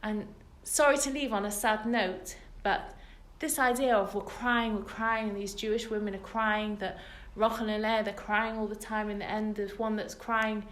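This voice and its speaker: A British woman leads a women's Torah class, telling the story in an earnest, emphatic way. Her voice sits at a middle pitch. The room around her is echoey. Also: steady tone, normal speed, hardly any pauses, fairly bright tone. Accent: British English. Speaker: religious teacher. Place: room with a live group of women.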